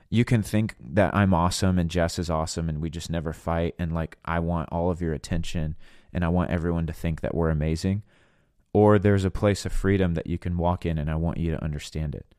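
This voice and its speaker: A man's voice: deep voice, a little mellow, smooth, dry recording, clean studio sound. A young adult man hosting a ministry podcast, talking through relationships in a candid, earnest, conversational way. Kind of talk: casual teaching monologue.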